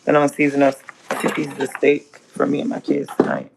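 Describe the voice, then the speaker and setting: A woman's voice: a bass voice, completely flat delivery, brisk, creaky, background noise. A woman cooking while she chats to her stream, talking bluntly, cussing freely and rambling. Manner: blunt and profane, scolding and rambling. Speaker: home cook and food vlogger. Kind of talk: casual livestream chat while cooking.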